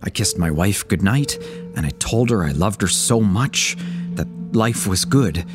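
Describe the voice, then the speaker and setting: A man's voice: deep voice, animated, unhurried. A man reading a horror story aloud as a pleading first-person letter, in scripted narration. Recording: voice over a music bed. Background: music.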